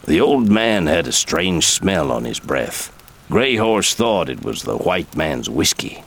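A man reading a story aloud in measured, expressive audiobook narration. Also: sits low, gravelly, husky. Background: soft background music.

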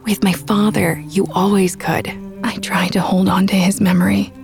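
A young woman narrating a first-person audiobook in a soft, intimate, reflective way. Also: medium pitch, little pitch movement, moderate pace. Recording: with background music.

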